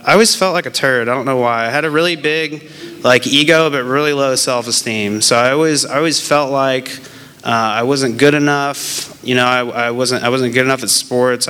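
A young man, casual and candid, telling his own story in a halting, rambling way with many fillers and restarts, and making fun of himself. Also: medium pitch, bright, forceful tone, smooth. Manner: candid and self-deprecating. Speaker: person in recovery sharing his story. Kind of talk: casual personal testimony.

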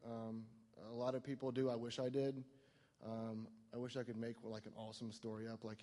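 An adult man, no longer young, shares his personal recovery story at a meeting, rambling and poking fun at himself with plenty of "like" and "you know." His medium-pitched voice is steady and brisk, and it sounds like a big room.

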